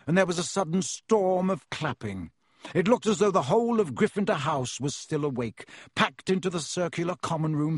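Man, audiobook narrator, measured, expressive, husky voice, dry close recording. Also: fairly high pitch, no room sound. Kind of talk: scripted narration.

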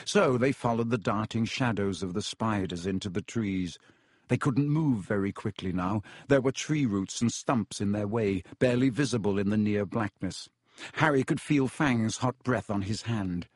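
A man's voice: lowish voice, moderate pace, dry recording, studio quality. Man reading an audiobook aloud. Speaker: audiobook narrator. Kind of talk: scripted narration.

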